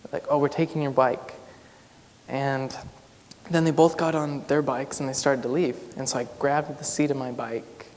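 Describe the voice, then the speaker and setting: A man's voice: medium pitch, fairly even intonation, moderate pace, a little mellow. Young man telling a story in a hall. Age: young adult. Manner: casual storytelling with many "like" fillers. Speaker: student speaker. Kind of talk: personal story talk. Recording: long hall reverb, faint noise.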